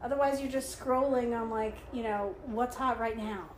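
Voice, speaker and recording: A woman chatting casually about a movie, full of "like" and quick to argue her point. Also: a little high, steady tone. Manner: chatty, lots of "like", argumentative. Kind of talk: casual movie commentary chat. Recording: roomy room with faint noise.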